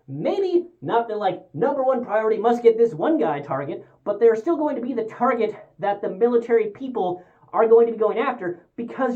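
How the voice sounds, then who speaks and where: A woman giving a casual spoken movie review, exasperated and sarcastic, acting out characters' lines in quick asides. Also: medium pitch. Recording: tinny phone-like sound.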